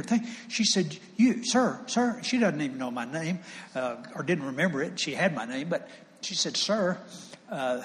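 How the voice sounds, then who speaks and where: A man preaching a sermon, telling a personal story in an animated, folksy way with chuckles. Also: a little high, fairly quick, a little hiss or hum. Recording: long reverb, faint ambience.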